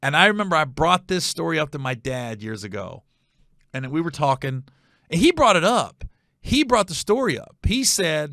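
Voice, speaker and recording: A middle-aged man hosting a podcast, telling a story casually and animatedly, acting out other people's voices with high shouts. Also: expressive, fairly quick, no echo, studio quality.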